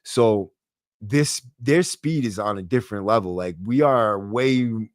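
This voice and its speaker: A man's voice: lowish voice, a little slow, no room sound, clean studio sound. Brash Boston-accented man on a livestream. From Massachusetts. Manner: brash, swearing, streetwise slang. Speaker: livestream podcast host. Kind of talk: casual livestream chat reading comments. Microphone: close podcast mic.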